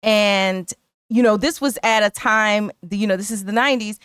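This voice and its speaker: A woman's voice: medium pitch, moderate pace, a bit bright, smooth, dry recording, studio quality. A middle-aged woman co-hosting a podcast, chatting casually and thinking aloud with lots of "you know.". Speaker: podcast co-host. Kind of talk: casual chat.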